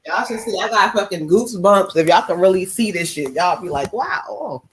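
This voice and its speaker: A woman's voice: mid-range voice, animated, a little fast, background noise. A woman medium giving spirit readings on a live stream, emotional and profane. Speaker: psychic medium.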